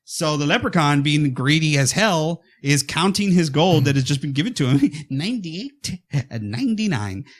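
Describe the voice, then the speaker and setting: A man co-hosting a horror podcast, casually and excitedly retelling a movie and acting out its lines. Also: a little high, moderate pace, hardly any pauses. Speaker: podcast co-host.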